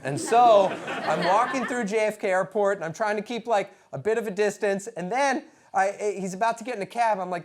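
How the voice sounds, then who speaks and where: A stand-up comedian in his thirties telling personal stories on stage, animated and bursting into loud acted-out quotes. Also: sits high, a little fast, few pauses. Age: 30s. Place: comedy stage before a live audience.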